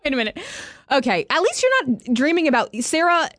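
Blunt joking woman cohost, bit high voice, swears a lot, dry close sound. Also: big pitch swings, brisk, a bit bright, no room sound. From Mexican heritage. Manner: blunt, jokey, swears freely. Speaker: co-host. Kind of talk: casual radio show banter.

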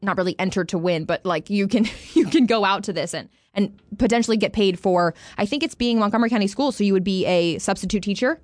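A woman's voice: medium pitch, fast, few pauses, dry recording. A woman co-hosting a casual talk show, blunt and jokey, swearing freely. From Mexican heritage. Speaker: co-host. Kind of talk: casual radio show banter.

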